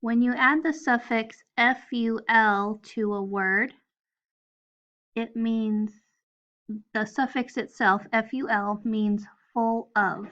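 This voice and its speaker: Slow, patient woman teaching first graders. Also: a little high, pushed and bright, highs cut off. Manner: slow, patient, spells out letters one by one. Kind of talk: recorded phonics lesson for children.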